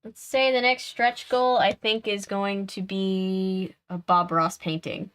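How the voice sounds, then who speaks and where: A woman's voice: medium pitch, steady tone, slow, fairly bright tone, clear, resonant tone. A woman hosting a live game stream, chatting casually, laughing often and answering her chat aloud.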